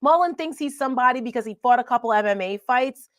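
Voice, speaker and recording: Animated Jersey-accented woman host. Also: high-pitched, fast talker, no room sound, studio quality. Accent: New Jersey. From US East Coast. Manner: animated, indignant storytelling. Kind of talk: casual political chat.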